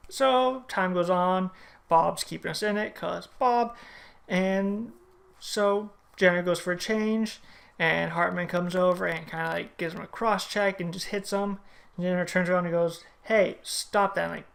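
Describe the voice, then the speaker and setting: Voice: mid-range voice, creaky, a bit bright. A hockey fan casually recapping a game in a vlog, retelling the plays one by one with strong opinions. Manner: play-by-play retelling, opinionated and chatty.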